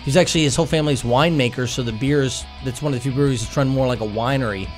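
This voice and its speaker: A man's voice: medium pitch, rapid-fire, soft background music. A man hosting a casual radio talk show, rambling and chatty with many fillers and restarts. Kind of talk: casual chat.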